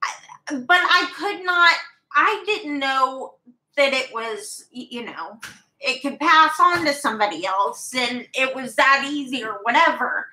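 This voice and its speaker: A young woman with a high, bright voice tells a personal story in an unhurried, rambling way, swearing freely and speaking candidly. The room around her adds a noticeable echo. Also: lively intonation. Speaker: vlogger. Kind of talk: casual storytelling. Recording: roomy echo.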